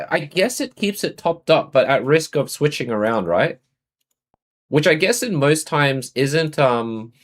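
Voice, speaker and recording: A man with an Australian accent chatting casually on a live stream, greeting and answering his viewers. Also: mid-range voice.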